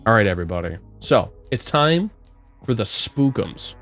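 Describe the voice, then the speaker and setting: A young man co-hosting a podcast, telling stories in a casual, animated way, swearing and acting out the people he quotes. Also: lowish voice, normal speed, soft background music. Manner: animated, swearing storyteller who acts out quotes loudly. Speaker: podcast co-host. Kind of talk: casual storytelling chat.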